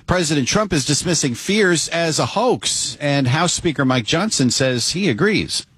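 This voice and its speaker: A man reading scripted radio news as the morning anchor, in a crisp, measured way. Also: on the high side, lively intonation, fairly bright tone, no room sound. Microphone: studio microphone.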